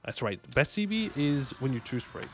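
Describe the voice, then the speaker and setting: A man streaming a strategy game, commenting casually and excitably, talking to himself and his chat with jokey asides. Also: medium pitch, moderate pace, a little hiss or hum. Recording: faint music behind the voice.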